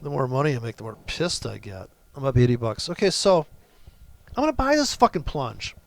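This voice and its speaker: A man's voice: mid-range voice, wildly swooping pitch, brisk, gravelly, no echo. A man hosting a trading video, giving brash, profane, mocking commentary over his charts. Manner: brash, swearing, mocking, ranting. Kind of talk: profane ranting screen-share commentary.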